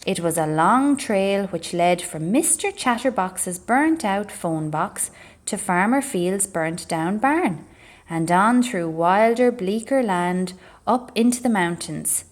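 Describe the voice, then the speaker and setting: A woman reads a children's storybook aloud for a library story time. Her delivery is expressive and measured, in a mid-range voice. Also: mid-range voice.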